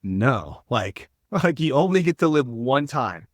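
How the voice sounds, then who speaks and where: A man's voice: medium pitch, very animated, slow pace, no room sound, studio quality. A man speaking as a podcast guest in an earnest, self-deprecating way, hesitating and restarting often. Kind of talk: casual podcast interview.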